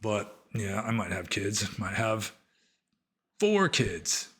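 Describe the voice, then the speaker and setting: A man's voice: lowish voice, big pitch swings, takes it slowly, a bit bright. A middle-aged man and former monk, casually answering listener questions in a rambling, conversational way. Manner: rambling, conversational, many fillers. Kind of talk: casual Q&A talk.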